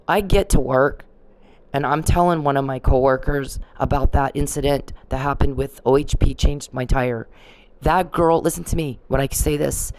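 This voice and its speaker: A woman's voice: very deep voice, fairly even intonation, normal speed, a little mellow, clean tone, no echo. Indignant rambling woman, dry sound. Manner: rambling, indignant, swears freely. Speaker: vlogger. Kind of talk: casual to-camera rant.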